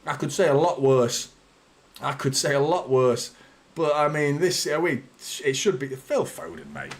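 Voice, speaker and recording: A man's voice: a little high, lively intonation, a little slow. A man hosting a live football watchalong, commentating and ranting at his team's players with frustrated, sweary exasperation. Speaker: fan channel host.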